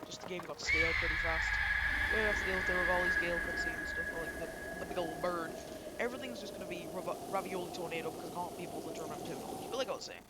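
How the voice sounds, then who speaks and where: A man's voice: fairly high pitch, rapid-fire, heavy background noise. A young man giving loose, chatty commentary while playing a video game, full of fillers and side tangents. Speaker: gameplay streamer. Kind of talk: rambling gameplay commentary. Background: loud game music.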